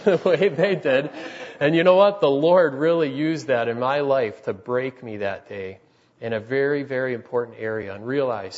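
A man in his thirties preaching a sermon in an earnest, halting way, with many restarts and fillers. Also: medium pitch, lo-fi sound.

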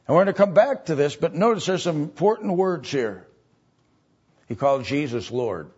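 Slow husky-voiced male preacher. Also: a little high, sing-song, darkish tone, highs cut off. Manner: halting, explains step by step, many filler sounds. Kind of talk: sermon.

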